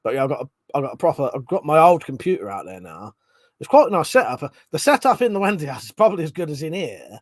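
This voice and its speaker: A man's voice: a little high, very animated, fast, dry recording. Chatty streamer man, dry close sound. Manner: chatty, swears casually, reads chat aloud. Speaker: live streamer host. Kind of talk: casual live-stream chat. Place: home room.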